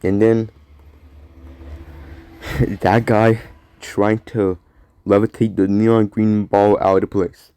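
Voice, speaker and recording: A man with a lowish, warm, mellow voice hosts a casual solo talk show. He rambles from thought to thought, repeats words and lets sentences trail off into quiet mumbles. The sound is dry and close. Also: flat delivery, slow pace, pauses often, clear, resonant tone, dry recording. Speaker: podcast host.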